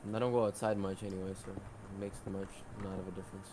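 Deadpan man on noisy chat. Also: low-pitched, fast. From Brazil. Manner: deadpan, teasing. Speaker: gamer playing with a friend. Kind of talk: casual gaming chat.

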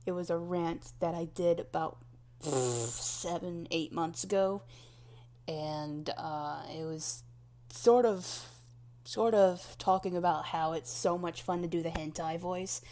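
A woman's voice: fairly low pitch, takes it slowly, dark tone. A young woman rambling casually through a questionnaire, meandering and self-deprecating, often restarting her sentences.

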